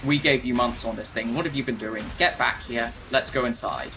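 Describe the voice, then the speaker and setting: A man's voice: medium pitch, brisk, pushed and bright, slight background noise. A man voicing impatient, demanding townsfolk with a scolding tone.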